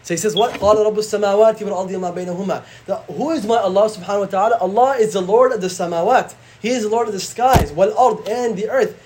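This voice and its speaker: A man, an imam, teaching a casual religious class, conversational and slangy, reciting Arabic verses quickly. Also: high voice, a little mellow, a little hiss or hum.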